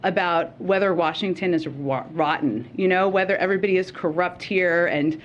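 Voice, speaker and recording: A woman press secretary giving an emotional farewell at a briefing, halting with many fillers. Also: on the low side, lo-fi sound, a little hiss or hum. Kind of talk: formal farewell speech at a briefing.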